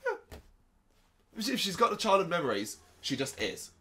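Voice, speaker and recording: A man co-hosting a casual movie review chat, animated and sarcastic, swearing often. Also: high voice, moderate pace. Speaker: podcast co-host.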